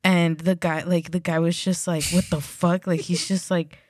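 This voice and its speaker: A woman's voice: fairly low pitch, flat delivery, moderate pace, dry recording. A woman co-hosting a casual podcast, telling a rambling story full of "like" and swearing. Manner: rambling, swears, heavy use of like. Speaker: podcast co-host.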